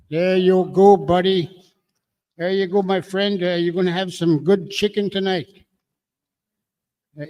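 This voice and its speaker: A man emceeing a community meeting, calling out draw numbers slowly with jokes. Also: high voice, darkish tone, lo-fi sound. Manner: jokey, drawn-out number calling.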